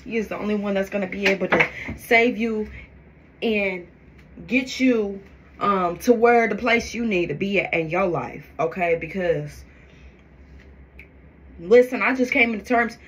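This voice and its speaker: A woman vlogging to her phone camera, talking in a forceful, preachy, emphatic way about faith. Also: medium pitch, measured pace, long pauses. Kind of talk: faith-filled get-ready-with-me vlog.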